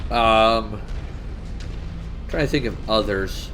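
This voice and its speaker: A man's voice: fairly low pitch, slow, fairly bright tone, soft background music. A man co-hosting a casual chat about tabletop games, rambling, swearing casually and laughing often. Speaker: podcast co-host.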